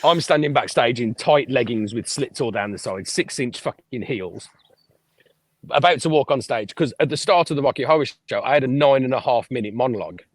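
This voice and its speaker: Man, podcast guest, animated storyteller, swears a lot, dry close sound. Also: medium pitch, a little fast, no echo. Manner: lively anecdotal storyteller, swears freely. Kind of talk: casual storytelling interview.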